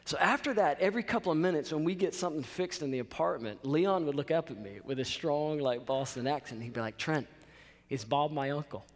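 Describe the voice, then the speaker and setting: Guy giving a chapel talk, storytelling, keeps asking "okay?", slightly high voice. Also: fast talker, hardly any pauses. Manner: animated storyteller, checks in with "okay?". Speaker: college chapel speaker. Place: college chapel. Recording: reverberant chapel hall.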